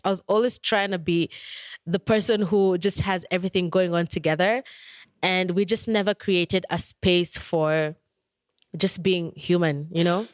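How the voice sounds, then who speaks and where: Smooth-voiced woman sharing personal stories. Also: fairly low pitch, no echo, clean studio sound. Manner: candid, thoughtful, with frequent "like" and "um" fillers. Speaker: podcast host. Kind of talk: reflective personal storytelling.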